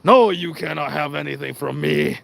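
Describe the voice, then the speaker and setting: A man voicing a stingy, grumpy old boss who shouts and sneers at a worker. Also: on the high side, normal speed, vocal fry, dry recording, full character voice. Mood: scornful.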